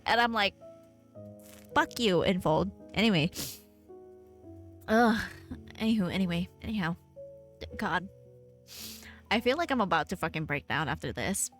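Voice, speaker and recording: A woman's voice: medium pitch, moderate pace, pauses often, faint music behind. Emotional, swearing young woman streamer. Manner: emotional and animated, swearing, squealing and reading aloud. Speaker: game streamer. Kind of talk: casual live-stream chat and reading game text.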